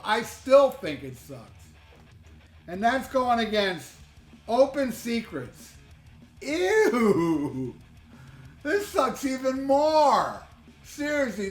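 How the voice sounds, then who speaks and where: A man's voice: sits high, reverberant. A man giving a casual, blunt, profane review of rock albums, rambling and restarting his sentences. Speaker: YouTube music reviewer.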